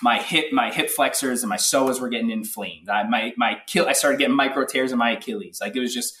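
A man telling an animated, filler-heavy story as a guest in a casual interview. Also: mid-range voice, fast, roomy sound, recorded from a distance. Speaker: guest athlete.

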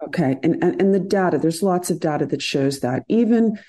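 A middle-aged woman surgeon, a podcast guest, explaining in an earnest, measured way with hesitant fillers. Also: lowish voice, lively intonation, warm tone.

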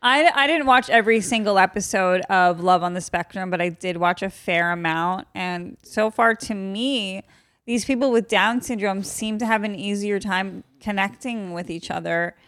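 A young woman co-hosting a podcast in casual chat, blunt and crude with a deadpan delivery. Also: medium pitch, normal speed, no echo, studio quality. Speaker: podcast co-host. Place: apartment overlooking a river.

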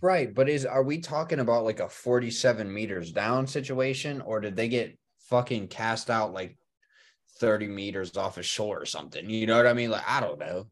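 Man, low voice, casual chat, swearing a lot, excitable. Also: moderate pace. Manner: profane, excitable. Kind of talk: casual podcast banter. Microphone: video call.

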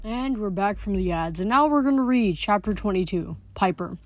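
A woman's voice: mid-range voice, lively intonation, normal speed, soft background music. A woman reading a novel aloud and chatting about it, often stumbling and correcting herself. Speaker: book reader.

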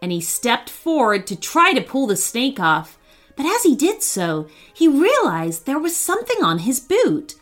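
A woman narrating a children's story in an expressive, animated way. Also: high-pitched, unhurried, soft background music.

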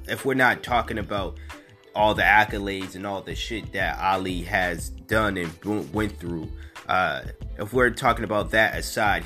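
A man's voice: fairly low pitch, pushed and bright. A young man hosting a podcast alone, giving casual, opinionated commentary that rambles with fillers and restarts. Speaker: podcast host.

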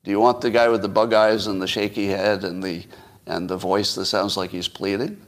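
A man's voice: fairly low pitch, little pitch movement, normal speed. A man hosting a solo podcast, giving casual, opinionated political commentary with frequent restarts. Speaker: podcast host.

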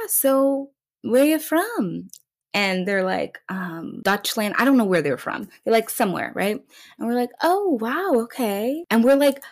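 A young woman hosting a podcast on her own, telling a story in a casual, playful way and jumping high in pitch when she quotes people. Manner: animated, playful, swoops high for quoted voices. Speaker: podcast host.

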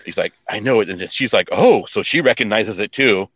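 Rambling low-voiced man recapping a show. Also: expressive, fairly quick, fairly bright tone, husky, no echo. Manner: rambling, many "like" fillers, quotes characters in offhand voices. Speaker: podcast co-host. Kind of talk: casual episode recap chat.

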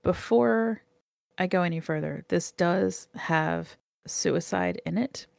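A woman's voice: fairly low pitch, slow pace, gravelly, darkish tone, dry recording. A woman co-hosting a podcast, telling things in a wry, matter-of-fact way. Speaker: podcast co-host, storyteller. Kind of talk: casual chat.

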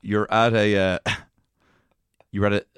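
A man's voice: lowish voice, flat delivery, a little slow, a bit bright, clear, resonant tone, dry recording, studio quality. A man co-hosting a comedy podcast, joking and rambling in casual chat. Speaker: podcast co-host.

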